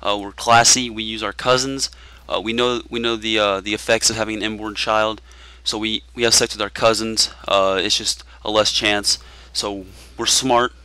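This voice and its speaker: A man with a Texan accent doing comedic gameplay commentary, telling tall tales in a deadpan way with frequent "uh" fillers. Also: fairly low pitch, normal speed, smooth, no echo. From Texas.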